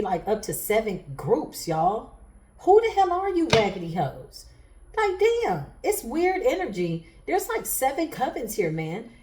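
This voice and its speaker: A woman's voice: mid-range voice, a little mellow, roomy sound, slight background noise. A woman giving a casual tarot reading on a livestream. She chats to her viewers, laughs often and throws in sassy asides. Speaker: tarot reader.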